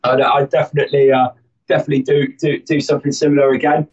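A man's voice: medium pitch, flat delivery, fast talker, darkish tone, distant mic, highs cut off. A man telling stories as an interview guest, rambling with many restarts and fillers. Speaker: guest, army instructor. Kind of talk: casual interview storytelling.

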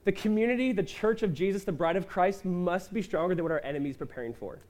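Male pastor, mid-high voice, relaxed conversational sermon delivery with voiced-out quotes. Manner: conversational preaching with quick asides and acted-out quotes.

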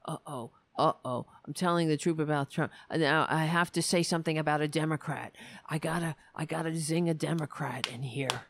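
A woman mocking a smug male comedian's inner monologue, muttering it quickly in a sped-up, half-whispered way. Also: sits low. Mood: mocking fretful. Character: smug male comedian fretting over his joke.

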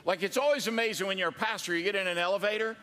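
A man's voice: sits high, racing, sharp tone, in a large hall. A man preaching a sermon as a pastor, conversational and joking, with quoted asides.

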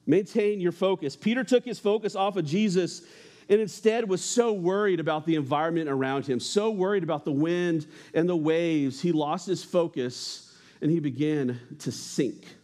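A man's voice: on the high side, moderate pace, a little mellow. A young man preaching a casual sermon in a church, telling stories and making joking asides to the congregation. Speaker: pastor.

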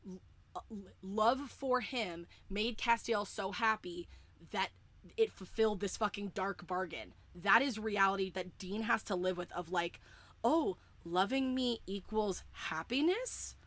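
A woman co-hosts a casual fan podcast, talking in excited, rambling runs full of "like" and the odd swear word. Her voice is bright and clear, at a middling pitch. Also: a little slow. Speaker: podcast co-host. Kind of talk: casual chat.

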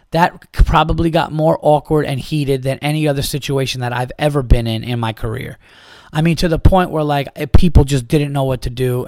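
A man who is a stand-up comedian and podcast host, telling a club story in a casual, profane, animated way and acting out the back-and-forth. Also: on the high side, no room sound, studio quality. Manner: profane, animated retelling with quoted exchanges.

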